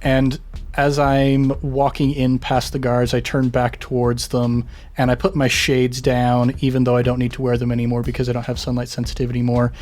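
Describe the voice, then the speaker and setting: A man's voice: medium pitch, monotone, fairly quick, darkish tone, soft background music. Upbeat joking man at a game table. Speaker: player. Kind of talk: casual tabletop play.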